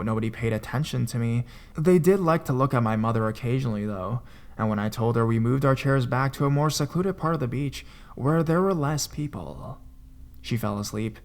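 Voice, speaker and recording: A man narrates a first-person horror story in a steady, even reading manner. His voice sits at a middle pitch for a man. He keeps a plain storytelling tone throughout.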